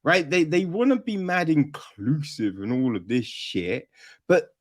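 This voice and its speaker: A man hosting a podcast, reviewing a film in casual chat, animated and profane, always asking "right?" and mimicking characters. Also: on the high side, unhurried. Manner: peppers talk with "right?" and "you know what I mean?". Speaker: podcast host.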